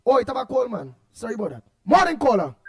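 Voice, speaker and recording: A man's voice: very high voice, fast talker. A Trinidadian man hosting a radio talk show, chatting loosely and animatedly as he reads out listener comments. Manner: animated, repetitive, laughs often, loud outbursts. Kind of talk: casual radio chat reading listener comments.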